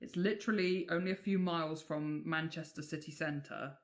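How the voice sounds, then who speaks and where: A woman's voice: low-pitched, steady tone, moderate pace. Woman, from England, podcast co-host, casual folklore storytelling, chatty, swears freely.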